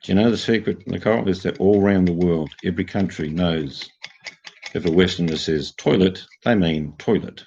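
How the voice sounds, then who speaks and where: A man's voice: low voice, moderate pace, gravelly, darkish tone, slightly rough. An older man with an Australian accent, chatting casually and telling jokey stories to a livestream audience. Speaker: livestream host. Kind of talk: casual chat. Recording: dull lo-fi sound.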